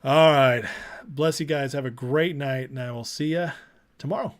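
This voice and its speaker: A man's voice: mid-range voice, normal speed. A man hosting a political livestream, chatting loosely with viewers, rambling and repeating himself, then closing with a spoken prayer. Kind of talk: casual live-stream commentary and closing prayer.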